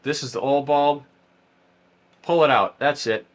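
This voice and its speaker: A man with a medium-pitched voice takes his time explaining a car repair outdoors next to a parked car. As host of a how-to channel, he keeps it casual, plain and step by step.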